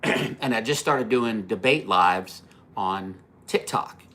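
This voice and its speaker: A man in his fifties hosts a casual livestream, his voice low-pitched yet bright and forceful. He rambles through his stories, swears freely, and keeps backing up to restart sentences with plenty of fillers. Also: takes it slowly. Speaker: livestream host.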